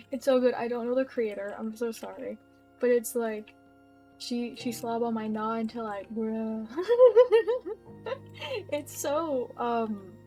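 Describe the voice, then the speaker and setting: A bubbly young woman who makes gaming videos on YouTube chats casually over her gameplay, giggling and trailing off. Her voice is fairly high with a darkish tone, and a desk mic picks up her keyboard clicks.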